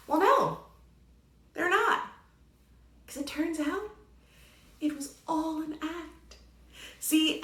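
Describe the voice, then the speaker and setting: A woman's voice: high-pitched, echoey room. A young woman giving a casual, profane film review and acting out the characters' lines. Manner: animated, profane, acts out characters.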